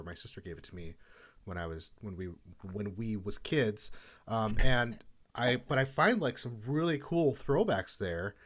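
Podcast co-host, animated and self-mocking, mid-pitched voice. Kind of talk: casual chat.

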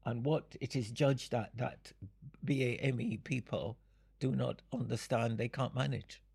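An older man speaks in a deeply gravelly, very husky voice, with a rough edge running through his words. He answers audience questions slowly and haltingly, often stopping for a small chuckle. His pitch sits at an ordinary level. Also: steady tone, darkish tone. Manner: unhurried, halting, explanatory, chuckles between points. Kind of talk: Q and A talk.

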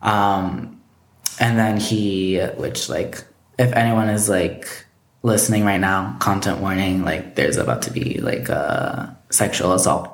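A man's voice: sits low, steady tone, measured pace. A man, a podcast guest, telling a personal story in casual conversation, rambling and filling his talk with "like". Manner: rambling, heavy use of filler "like". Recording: roomy echo.

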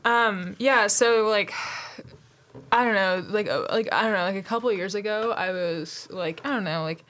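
A woman's voice: mid-range voice, moderate pace, fairly bright tone. A woman in a casual comedic chat, telling a long story that rambles and is full of filler words.

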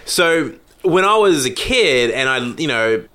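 A man's voice: a little high, very animated, unhurried, pushed and bright, a little hiss or hum. A man with an Australian accent in a rambling casual chat, talking through stories with lots of restarts and self-deprecating asides.

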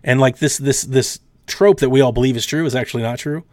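A man hosting a casual podcast, rambling and acting out his friends' lines in quick voices. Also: mid-range voice, darkish tone, dry recording, studio quality. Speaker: podcast host.

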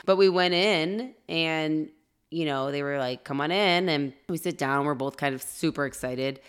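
Animated woman telling a faith story. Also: low-pitched, normal speed, smooth. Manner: animated, acts out quoted reactions. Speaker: podcast co-host. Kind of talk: casual storytelling.

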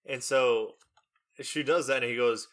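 A young man telling a long story in casual chat, animated and full of fillers, acting out the lines of the people in it. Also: medium pitch, measured pace. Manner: animated storytelling with many fillers and acted-out quotes.

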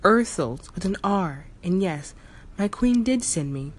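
A woman's voice: fairly low pitch, animated, unhurried, breathy edge. A woman voicing a lordly, cryptic giant cat spirit. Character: huge aloof male cat-like spirit messenger.

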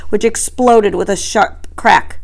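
A woman teacher reads a novel aloud to her students in a steady, mid-pitched voice. She breaks off now and then to quiz the class before reading on. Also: takes it slowly, gravelly. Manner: stops to quiz listeners.

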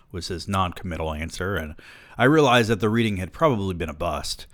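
A man's voice: sits low, expressive, fairly quick, a bit bright, no room sound. A man reading a novel aloud on a podcast, with dry, profane, sardonic asides.

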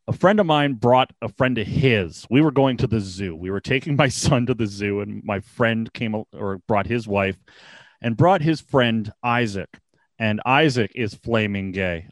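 A man's voice: fairly low pitch, no echo. A man in his forties telling rambling stories in a casual chat, often laughing. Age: 40s.

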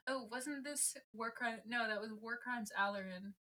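Jokey bright-voiced woman co-host. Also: fairly high pitch, normal speed, slight background noise. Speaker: podcast co-host. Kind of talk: casual book-club chat.

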